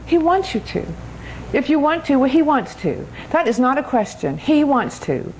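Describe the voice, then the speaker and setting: Older lady preaching her testimony, high voice, laughs a lot, bit of faint hiss behind. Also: big pitch swings, low-quality recording. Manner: emphatic, laughing often, slows for key phrases. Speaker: speaker at a church. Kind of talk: testimony sermon.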